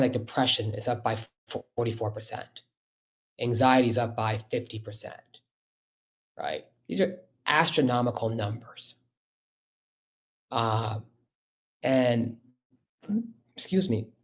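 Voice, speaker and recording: A middle-aged man, a physician, giving a conversational webinar talk over a computer mic, emphatic and often checking in with rhetorical questions. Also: mid-range voice.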